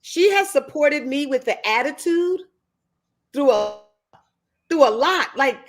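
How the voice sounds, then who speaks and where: A woman co-hosting a casual chat, talking in a lively, emphatic way. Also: high-pitched, takes it slowly. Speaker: co-host.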